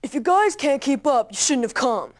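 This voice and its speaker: A cocky teenage boy who teases and brags, pitched a little above an ordinary guy's voice, as a woman puts him on while telling her story. He sounds smug and sure of himself. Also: expressive, normal speed. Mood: taunting. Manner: smug, teasing. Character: cocky seventeen-year-old boy, show-off big brother.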